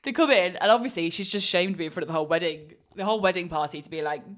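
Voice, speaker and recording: A woman co-hosting a casual chat show, her voice sitting a touch low. She tells stories with real energy and slips into little voices for the people she quotes. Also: quick pace, hardly any pauses. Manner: animated storyteller, acts out quoted people. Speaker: podcast co-host.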